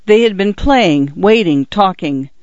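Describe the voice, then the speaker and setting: A man's voice: high voice, lively intonation, measured pace, no echo, dull audio. Man reading a literary audiobook. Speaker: audiobook narrator.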